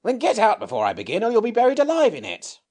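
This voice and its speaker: A man's voice: high voice, huge pitch swings, fast talker, a little mellow, voice pushed up, heavily acted. A man voicing an offhand, grumpy male sand fairy in a storybook reading. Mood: curt. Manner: brusque, offhand.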